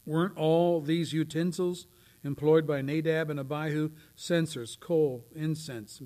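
Slightly higher-voiced guy preaching in church, goes loud then drops to a whisper. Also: fairly even intonation, a little slow. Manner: dramatic swings from loud declaiming to near whispers. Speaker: pastor. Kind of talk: sermon.

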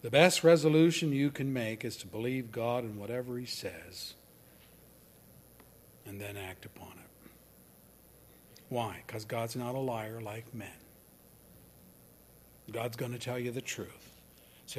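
Slow, emphatic preacher man. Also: mid-range voice, a little hiss or hum. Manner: emphatic preaching, swinging from loud declarations to near-whispers; slow and deliberate. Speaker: pastor. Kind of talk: sermon.

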